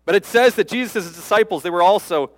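A man's voice: high voice, a little fast. A man preaching a sermon, explaining scripture in a conversational, informal way with frequent asides. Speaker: pastor.

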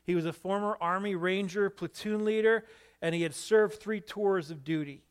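A man preaching a sermon, telling a story in an animated way and asking his listeners questions. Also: high-pitched, moderate pace, clean tone. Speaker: pastor.

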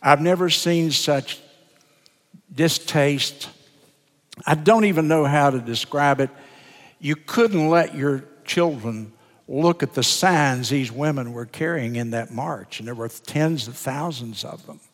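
Older preacher in a reverberant church. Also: male voice, a little high. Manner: earnest, deliberate preaching with drawn-out emphasis. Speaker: pastor. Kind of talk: sermon. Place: church sanctuary. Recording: sermon in a reverberant church sanctuary.

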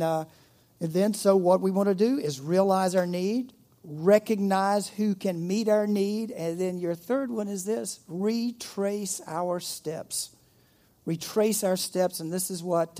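A man's voice: high-pitched, steady tone, measured pace, mellow. A middle-aged man preaching a sermon, reading scripture aloud and breaking off into playful jokes and asides. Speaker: pastor.

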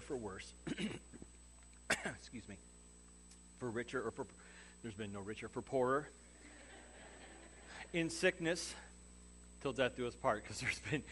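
A man preaching a sermon as pastor, telling a personal story with lively acted-out dialogue. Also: on the low side, a little hiss or hum. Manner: animated storyteller acting out quoted dialogue.

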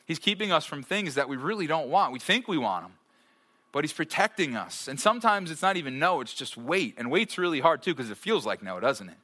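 A man's voice: a little high, big pitch swings, brisk, pushed and bright. A man in his thirties, a pastor preaching to a live church audience in a conversational way, with frequent rhetorical checks and joking asides. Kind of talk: sermon.

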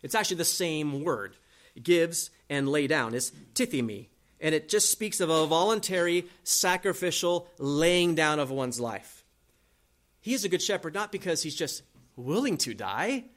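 Guy preaching a verse-by-verse sermon, kinda high voice, gets loud then drops to almost quiet. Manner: animated, shifts between loud emphasis and soft asides; reads scripture aloud slowly. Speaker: pastor. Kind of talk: expository sermon.

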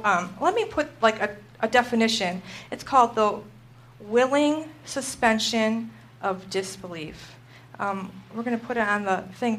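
A middle-aged woman gives a faith lesson in a casual, talky way. She tells her stories with animation and acts out her own panic. Her voice sits a little higher than most women's. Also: a bit bright. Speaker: Christian teacher. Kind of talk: teaching talk with personal story.

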